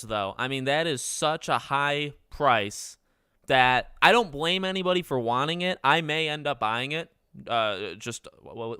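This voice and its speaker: A man's voice: medium pitch, sharp tone, smooth, dry recording, clean studio sound. A man in his twenties hosting a casual livestream, chatting with viewers in a rambling, self-correcting way. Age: 20s. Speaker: livestream host.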